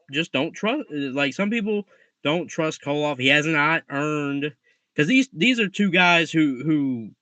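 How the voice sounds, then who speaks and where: A man co-hosts a wrestling preview show, explaining slowly with restarts and repeated phrases. His voice is a bit high and bright, recorded close and dry. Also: dry recording. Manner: halting, restarts and repeats himself. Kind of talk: casual podcast chat.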